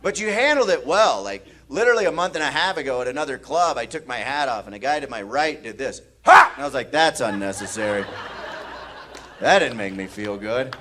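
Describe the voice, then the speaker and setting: With a mid-range voice, a quick pace and few pauses, a Midwestern man performs a stand-up set at a comedy club, background noise audible behind him. The audience laughs as he animatedly acts out drunk strangers using mumbling voices.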